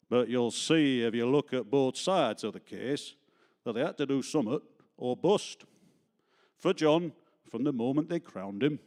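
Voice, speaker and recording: A man's voice: mid-range voice, darkish tone, voice pushed up, lightly acted. A man doing a broad, jaunty Northern storyteller. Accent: put-on Yorkshire-Lancashire. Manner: broad, bouncy comic recitation in rhyming verse. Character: jaunty Northern English man telling a comic tale in verse. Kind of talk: comic verse monologue.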